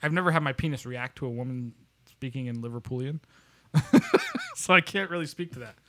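Man, podcast co-host, bright forceful voice, loud profane banter, laughs a lot. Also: medium pitch, fairly quick. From United States. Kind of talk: casual crude podcast banter.

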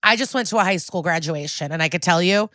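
Quick-paced and on the low side, this woman recaps a TV episode with her podcast co-host, animatedly acting out lines and swearing liberally. Her voice is captured in clean studio sound without any room sound.

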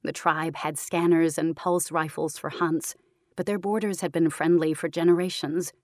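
A woman narrating a story in a calm, measured, even reading, close to the mic. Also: low-pitched, dry recording. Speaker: audiobook narrator. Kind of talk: scripted narration.

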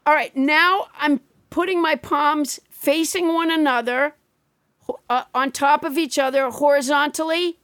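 A woman with a high voice talks through her own gestures in a patient, explaining way during a casual game chat. Her voice sounds dry and close, with no room echo. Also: fairly even intonation, a little slow, fairly bright tone. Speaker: podcast co-host.

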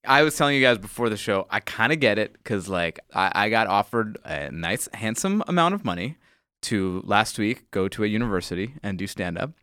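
A man's voice: on the low side, expressive, brisk, bright, forceful tone, clean tone, no echo, studio quality. A man in his forties, a comedian guest on a podcast, telling wry, profane stories. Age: 40s. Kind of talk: casual podcast banter.

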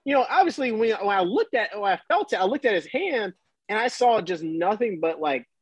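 Animated husky-voiced young man. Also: high-pitched, brisk, no room sound. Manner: animated, acts out voices in his story, laughs often. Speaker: baseball player guest. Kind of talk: casual storytelling.

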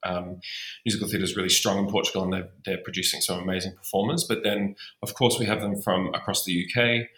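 A man, speaking as a musical theatre program head in an interview, thoughtful and hesitant with many pauses. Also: sits low, flat delivery, fairly bright tone, roomy sound, low-quality recording. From Australia. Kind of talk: podcast interview.

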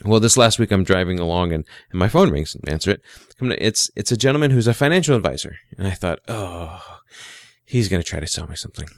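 A man's voice: sits low, lively intonation, fast talker, dry recording. Chatty man telling a business story. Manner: chatty, repeats words, acts out quoted dialogue. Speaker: small IT business owner. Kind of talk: casual storytelling and advice.

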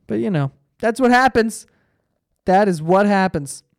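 A man's voice: high-pitched, lively intonation, unhurried, vocal fry, dry recording, studio quality. A tired young man hosting a solo podcast, telling stories in a rambling, profane, self-interrupting way. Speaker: podcast host. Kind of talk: solo casual podcast monologue.

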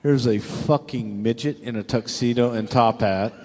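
A man's voice: mid-range voice, moderate pace, darkish tone, big-room sound. An older man telling a rambling, profane anecdote in a casual chat, acting out the voices of the people he quotes. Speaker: storyteller guest.

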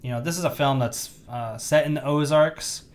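A man's voice: on the high side, moderate pace. A man co-hosting a podcast, chatting casually about films with enthusiastic, rambling restarts. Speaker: podcast co-host. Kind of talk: casual movie chat.

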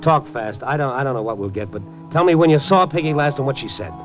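A man's voice: medium pitch, animated, fast. A man narrating and playing a reporter in a 1950s radio drama, urgent and clipped. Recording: dull old radio recording with music.

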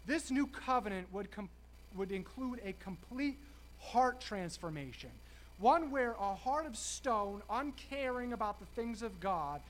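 A man preaching a sermon, emphatic, slowing and stressing key words with dramatic pauses. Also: high-pitched, lively intonation.

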